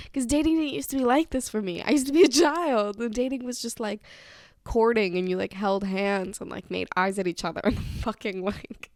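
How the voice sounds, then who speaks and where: A woman's voice: medium pitch, fairly even intonation, moderate pace, no room sound, studio quality. A young woman telling a dating story in a chatty, giggly way, swearing often. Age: young adult. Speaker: vlogger. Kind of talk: casual storytelling.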